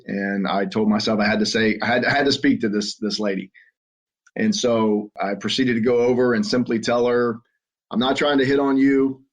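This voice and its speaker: A middle-aged man with a Southern American accent, telling his story as a podcast guest in an earnest, halting way with frequent restarts. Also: fairly low pitch. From Southern United States. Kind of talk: conversational storytelling. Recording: muffled lo-fi audio.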